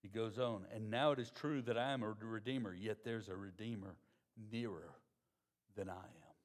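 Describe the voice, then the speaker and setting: A pastor, preaching a sermon in a conversational, folksy way. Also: male voice, lowish voice, normal speed.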